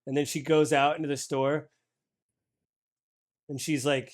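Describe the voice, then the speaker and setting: A man's voice: on the high side, steady tone, brisk, pauses often. A man narrating as game master of a tabletop game in a casual, filler-heavy way.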